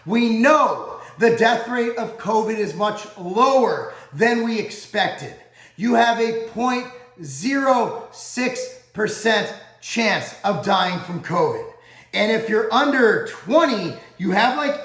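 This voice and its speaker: A man's voice: high voice, fairly bright tone, echoey room, rough recording. A man who owns a supplement company, talking straight to camera in a heated, profane rant. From United States. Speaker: supplement company owner and channel host.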